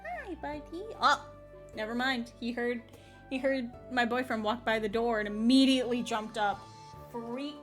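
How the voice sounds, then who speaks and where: A bubbly young woman with a high, light voice talks loosely to her stream audience, quick to laugh and gush. Soft game music runs quietly underneath. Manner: chatty, excitable, laughs often. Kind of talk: casual live-stream chat.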